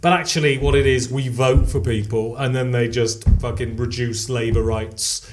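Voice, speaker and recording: A British man co-hosting a comedy podcast, chatting in a playful, animated way while trying to get his point across. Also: medium pitch, moderate pace, slight background noise. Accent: British English. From Britain. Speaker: podcast co-host. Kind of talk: casual comedic chat.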